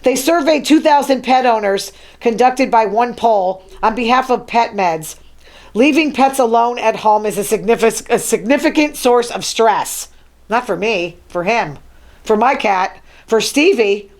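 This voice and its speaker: A woman's voice: on the high side, expressive, unhurried. A woman hosting her own talk show, reading news items from her notes and adding chatty, wry asides. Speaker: show host. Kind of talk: casual solo talk show monologue.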